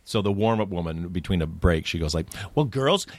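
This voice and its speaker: A man's voice: deep voice, fast, no echo. A middle-aged man, a film director guest, chatting casually and acting out quotes as he tells stories. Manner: animated storyteller, acts out quotes. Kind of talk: casual podcast chat.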